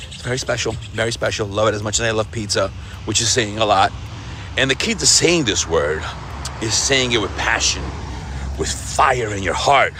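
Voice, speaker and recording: A man's voice: on the low side, sharp tone, slight background noise. A man delivering a comedic vlog monologue, theatrical and emphatic, playfully hammering on a swear word. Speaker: comedy vlogger.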